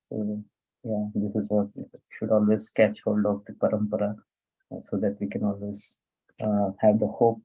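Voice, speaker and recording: A man speaks in a low, husky, mellow voice with very little rise and fall. He pauses and restarts often while sharing thoughts in a devotional class. The sound is dull and muffled, like video-call audio. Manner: halting, with frequent fillers. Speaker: class participant.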